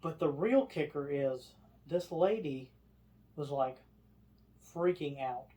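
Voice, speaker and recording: Animated storyteller man. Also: fairly high pitch, takes it slowly. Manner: animated storyteller, acts out others' lines. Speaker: podcast co-host. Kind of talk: casual storytelling chat.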